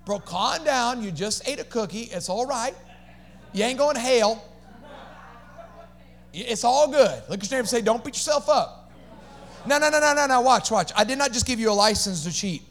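A man with a high voice preaches an energetic sermon as the pastor. He calls on the congregation to answer and repeat after him, and breaks into casual, slangy asides. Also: moderate pace, long pauses. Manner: animated preaching with call-and-response to the congregation.

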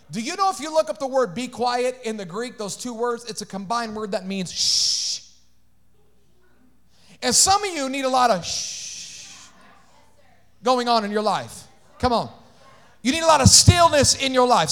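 Pastor, male, very high voice; animated sermon delivery, loud shouted peaks dropping to hushed asides. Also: moderate pace, long pauses. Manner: animated preaching, shifts between shouting and hushed asides, call-outs to congregation.

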